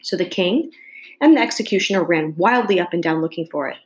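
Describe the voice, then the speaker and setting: A woman reading a children's classic aloud in a steady, unhurried way, now and then correcting a slip mid-phrase. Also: fairly low pitch, low-quality recording. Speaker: storybook reader.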